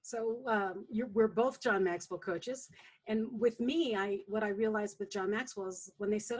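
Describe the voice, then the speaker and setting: A woman's voice: medium pitch, normal speed, slightly rough. A woman coach chatting casually and telling stories, acting out what others said. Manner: animated storyteller, acts out quotes. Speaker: coach guest. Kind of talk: casual conversation.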